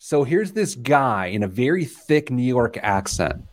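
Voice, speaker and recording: A man in his forties hosts a personal finance podcast, chatting casually and telling animated stories full of laughter and tangents. His voice is mid-range and his pace measured.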